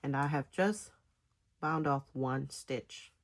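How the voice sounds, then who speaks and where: A woman giving a casual step-by-step knitting tutorial, talking in halting phrases with pauses between them. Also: a bass voice. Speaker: knitting instructor.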